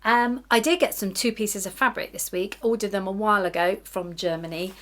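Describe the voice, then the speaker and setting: A middle-aged sewing vlogger chats casually to camera about her sewing week, self-deprecating and often giggling. Her mid-range, fairly bright voice moves fairly quickly with fairly even intonation.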